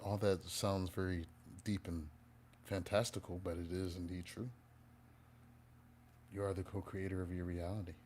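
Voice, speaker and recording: A man's voice: low-pitched, flat delivery, normal speed, long pauses, a little mellow, slight background noise. A man giving a casual, joking tarot reading in a chatty, playful way. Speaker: tarot reader.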